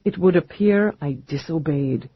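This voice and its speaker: A wealthy, smooth-talking man with a calm, dryly amused delivery, as the narrator plays him. His voice is husky and sits fairly high for a man, recorded dry with a slightly muffled sound. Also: a little slow, no echo. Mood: teasing.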